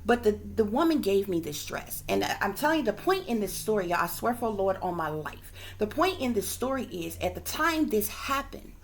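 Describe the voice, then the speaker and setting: A woman, a psychic reader, telling a long story to her viewers in a rambling, emphatic way, swearing freely and sometimes dropping to a hushed whisper. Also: medium pitch, very animated, moderate pace, hardly any pauses, a little hiss or hum. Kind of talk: casual storytelling monologue to viewers.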